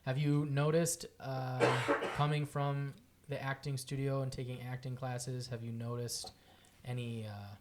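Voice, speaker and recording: A woman hosting a podcast, asking questions in a halting way and rephrasing as she goes. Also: extremely low pitch, level tone, noisy background. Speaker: podcast host. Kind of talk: casual interview questions.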